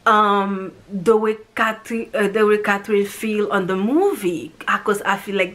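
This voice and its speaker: A woman from Haiti talks casually about a film that moved her. Her voice sits at an ordinary middle pitch. She rambles and gets emotional as she acts out the characters' lines. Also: normal speed, a bit bright. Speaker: movie reviewer.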